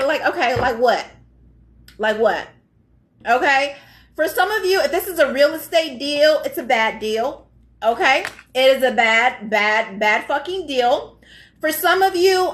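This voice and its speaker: A high-voiced woman giving a live tarot reading. She is blunt and profane, and she stresses her points hard. She keeps checking in with the listener. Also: a bit bright. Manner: blunt, profane, emphatic, keeps asking "all right?". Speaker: tarot reader.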